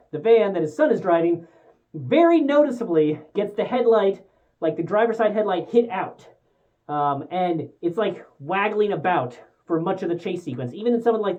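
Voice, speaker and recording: A woman's voice: lowish voice, mellow, muffled recording. A woman giving a casual spoken movie review, ranting in an exasperated, profane way.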